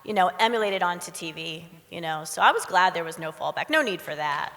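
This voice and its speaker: A woman's voice: lowish voice, expressive, brisk, a bit bright, big-room sound. A woman on a convention panel speaking earnestly and saying "you know" often. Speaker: actress on a panel. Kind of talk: panel talk.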